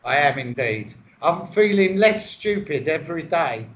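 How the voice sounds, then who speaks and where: A man's voice: a little high, big pitch swings, a little slow, a bit bright. A man in casual comedic banter, swearing freely and playing along as podcast co-host. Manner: crude, swearing, playfully goes along.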